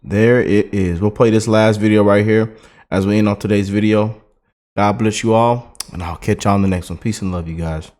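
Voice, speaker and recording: A man's voice: lowish voice, steady tone, moderate pace, a little mellow. Man, vlogger, casual rant, colloquial, repetitive phrasing. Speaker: political commentary vlogger. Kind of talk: casual ranting commentary.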